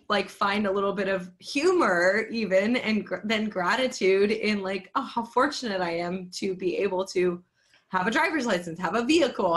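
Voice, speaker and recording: A woman's voice: mid-range voice, fairly bright tone. A woman co-hosting a podcast, talking in a thoughtful, earnest way with many fillers. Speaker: podcast co-host. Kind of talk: casual reflective podcast chat.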